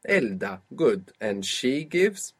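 A man's voice: medium pitch, big pitch swings, slow pace, husky. A man teaching an audio language lesson, patiently prompting his student step by step.

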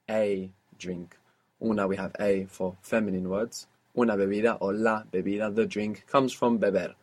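A man teaching a spoken language lesson, patiently prompting his student with questions and short praise. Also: on the low side.

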